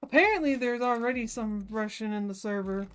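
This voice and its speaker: A woman's voice: a little high, fairly quick, clear, resonant tone, faint music behind. A woman hosting a craft livestream, chatting casually, swearing freely and laughing easily as she works. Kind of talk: casual chat while crafting.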